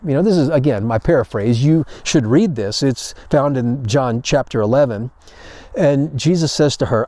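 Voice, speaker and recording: A man's voice: mid-range voice, normal speed, a little mellow, no echo. A man pastor preaching a sermon in a conversational storytelling way, acting out paraphrased quotes.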